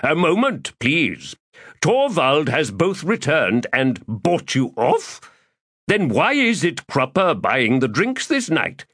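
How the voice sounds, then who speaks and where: A flowery, self-important schemer holding court at a tavern table, as a man voices him in an audiobook. His pitch swoops and dances through long archaic phrases, and the sound is close and dry. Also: huge pitch swings, slow pace, a bit bright, breathy edge, no room sound, full character voice. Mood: theatrical. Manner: grandiloquent archaic speech, refers to himself in third person. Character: pompous, florid, chubby male schemer. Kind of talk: audiobook character voice.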